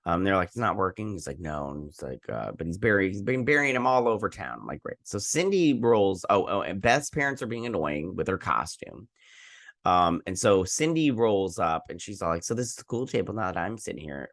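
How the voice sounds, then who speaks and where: Hosting a casual episode recap, a man rambles on and quotes the characters in an animated retelling. His low voice swings lively up and down in pitch, and the sound is dry and close to the mic with no echo.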